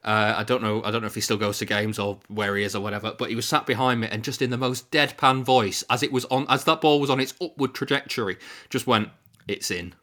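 A man's voice: mid-range voice, fairly even intonation, quick pace, bright, forceful tone. A man co-hosting a podcast, telling anecdotes and laughing at his own stories. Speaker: podcast co-host. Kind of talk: casual chat, anecdotes.

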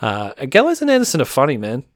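A man's voice: mid-range voice, wildly swooping pitch, quick pace, dry recording, clean studio sound. A man co-hosting a casual podcast, laughing often, swearing freely and acting out quoted lines in playful voices. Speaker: podcast co-host. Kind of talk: casual wrestling podcast chat.

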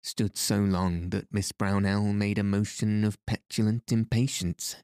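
A man narrating a novel as an audiobook in a measured, even reading voice. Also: on the low side, smooth, dry recording, studio quality. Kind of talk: scripted narration.

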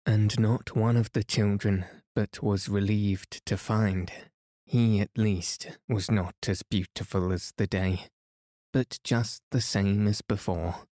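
A man narrating a bedtime story for a sleep podcast in a slow, soothing, even manner, close to the mic. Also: fairly low pitch, no echo.

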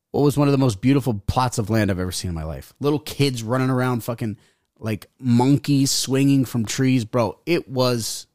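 A man's voice: medium pitch, darkish tone, no room sound, studio quality. A young adult man, a guest rapper, telling a rambling, profane story in casual talk. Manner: profane, rambling, laughs as he talks.

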